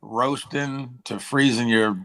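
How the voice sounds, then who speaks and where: Hoarse, chatty musician guy. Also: medium pitch, fairly even intonation, slow pace, fairly bright tone. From Tennessee, US. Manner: rambling, says "like" and "dude" a lot. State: hoarse, throat-clearing. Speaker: musician guest. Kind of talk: casual interview chat.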